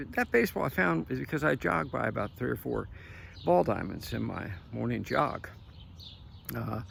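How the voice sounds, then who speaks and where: Gravelly older man ranting outdoors. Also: mid-range voice, fairly bright tone, a little hiss or hum. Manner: emphatic, repetitive, chuckling between points. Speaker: political commentator. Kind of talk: opinionated outdoor vlog monologue. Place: outdoors after a morning jog.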